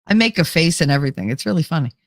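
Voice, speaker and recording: Woman with a new jersey accent, livestream host, casual chat, lively swooping pitch, dry close mic. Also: very fast, dry recording. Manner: animated, laughing often, nasal at times.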